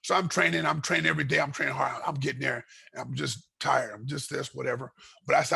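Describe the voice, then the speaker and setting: A man guest in an interview, telling a long story with animated energy, voicing other people in it, often repeating and restarting his words. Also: medium pitch, fast talker. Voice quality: gravelly, raspy. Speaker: guest, retired fighter.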